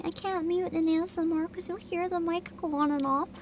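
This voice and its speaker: A woman livestreamer chatting casually with her viewers while she eats, laughing often and describing herself as loud. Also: very high-pitched, steady tone, fairly quick, very noisy. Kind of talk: casual chat while eating.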